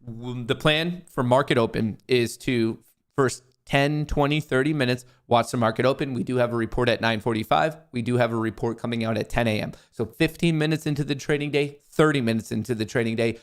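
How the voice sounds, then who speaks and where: A young man hosting a live stock market stream, joking and energetic. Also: medium pitch, brisk, clean tone. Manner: joking, energetic, swings into put-on voices. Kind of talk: casual live-stream chat.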